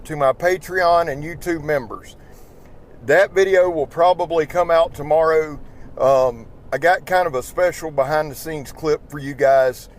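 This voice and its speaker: A tired man with a Southern accent, chatting casually and rambling in a folksy, profane way while driving his pickup truck. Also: fairly high pitch. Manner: rambling, folksy, swears freely. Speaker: YouTube knife channel host. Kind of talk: casual driving vlog chat. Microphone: small microphone in the truck.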